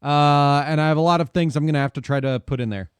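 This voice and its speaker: A man's voice: a little high, fast, smooth, no echo, clean studio sound. A man streaming live in a casual, chatty way, swearing freely and complaining with animation.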